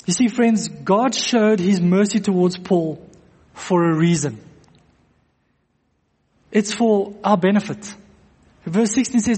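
A man's voice: high-pitched, a little mellow, breathy edge. A man preaching a sermon to a congregation, earnest, repeating phrases for emphasis. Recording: long echo of a church hall.

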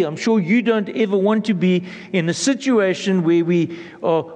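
Male pastor, high voice, earnest measured sermon delivery, long church-hall reverb. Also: a little mellow. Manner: earnest, measured, with frequent pauses and repeated phrases.

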